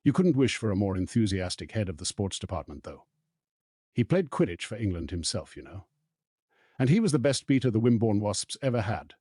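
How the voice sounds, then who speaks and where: A man's voice: lowish voice, sing-song, a little fast, dark tone, slightly rough, no room sound, clean studio sound. A man voicing a cheerful, easily flustered middle-aged wizard father who fumbles nervously in an audiobook reading.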